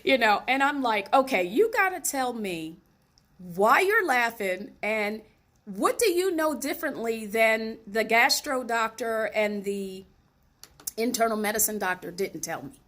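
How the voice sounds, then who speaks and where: A woman hosting her own show tells a personal story in a relaxed, conversational monologue. She's animated and chatty, addressing her viewers directly, with a fairly high voice and an unhurried pace.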